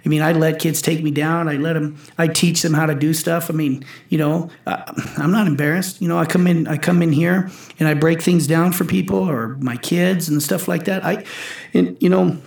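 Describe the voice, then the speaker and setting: A man's voice: fairly high pitch, fairly even intonation, normal speed, gravelly, a little mellow, echoey room. A man in his forties, a powerlifter and coach, talking intensely in casual chat, swearing and acting out his own quotes. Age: 40s.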